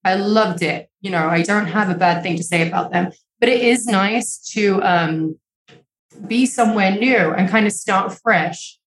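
A young woman appears as a podcast guest, her mid-range voice unhurried as she tells candid, emotional stories. She swears heavily and fills her speech with "like," and the home room around her sounds echoey.

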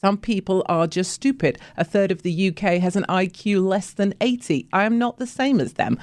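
A woman's voice: medium pitch, moderate pace, darkish tone, dry recording. A British woman, a guest in a radio studio, talking bluntly and provocatively with sardonic edge. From Britain. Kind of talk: talk radio banter. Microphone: studio microphone.

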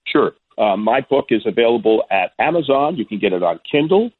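A man in his sixties from Florida, a guest sportscaster telling stories in a phone interview, animated and stammering on restarts. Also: medium pitch, a little fast, no echo. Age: 60s. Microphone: telephone. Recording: husky, dry phone line.

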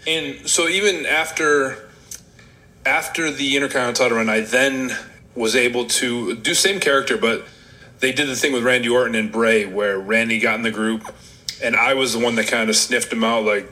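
A man's voice: mid-range voice, steady tone, normal speed, pushed and bright, rough recording. A man from upstate New York, a former wrestler, telling candid stories in a casual interview. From Rochester, New York. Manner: candid, rambling, self-deprecating.

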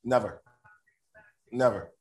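A man's voice: mid-range voice, slow pace, darkish tone. A college basketball coach from New York, joining a sports chat as a guest. He talks in an easygoing, good-humored way, with a plain mid-range voice. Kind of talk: casual interview chat.

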